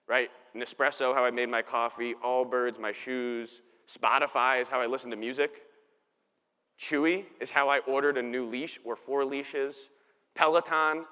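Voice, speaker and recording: A man's voice: a little high, pushed and bright, smooth. A man in his thirties giving a conference keynote on stage, telling his day as a casual, joking story into a stage microphone. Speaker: keynote speaker. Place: large conference hall on stage. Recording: long hall reverb.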